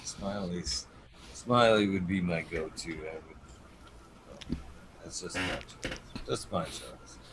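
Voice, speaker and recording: A man with a low voice hosts a long livestream, chatting casually at a slow pace with long pauses. He swears often and chuckles as he signs off, all over a noisy background hiss.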